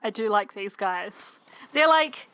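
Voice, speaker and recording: A woman co-hosting a let's play, chatting casually and reacting excitably and playfully to the game. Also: medium pitch, takes it slowly, clear, resonant tone, rough recording. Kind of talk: casual gameplay chat.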